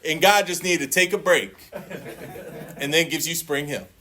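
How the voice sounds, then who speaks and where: Crowd noise surrounds a man with a slightly high voice and moderate pace as he shares his recovery story with a meeting. His account is crude and humorous, full of laughter, and he slips into an animated voice whenever he quotes himself.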